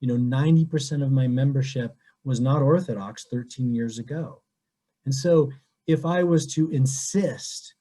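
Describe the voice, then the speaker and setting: A priest answering questions in a webinar, speaking conversationally with anecdotes over a video call. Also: male voice, mid-range voice, mellow, breathy edge. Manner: conversational, with frequent restarts and anecdotes.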